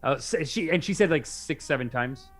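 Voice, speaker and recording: Young male podcast co-host, casual and animated, lively pitch. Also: normal speed. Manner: animated, excitable, mimics others in quotes.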